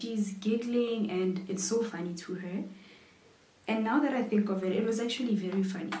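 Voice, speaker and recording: A woman, chatting and telling a lively story as a vlogger while doing her makeup, acting out her own reactions. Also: medium pitch, recorded from a distance. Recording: roomy echo, voice set back from mic.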